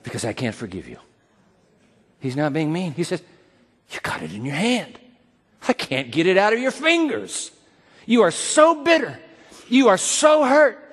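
A pastor preaching with a fairly high, very lively voice that leaps from booming to hushed as he acts out quoted speakers. His words ring out in a large hall with a long reverb trailing behind. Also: unhurried, pauses often. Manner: dramatic, acting out quoted voices with wide swings in pitch and volume. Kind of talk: sermon.

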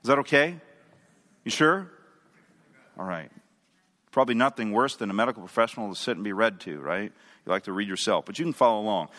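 A man's voice: fairly low pitch, lively intonation, brisk, pauses often, a bit bright. A male pastor preaching a sermon, emphatic and asking the audience questions. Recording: long hall reverb.

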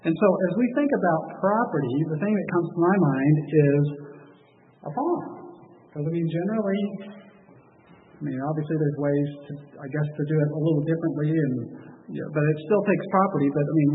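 A man's voice: a little high, fast talker, slight background noise. A man giving a conversational church talk, asking the audience questions and telling a story, recorded from far off in a large hall. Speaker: church speaker. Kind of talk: sermon-style talk with a story. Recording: echoey hall from far off, phone-like.

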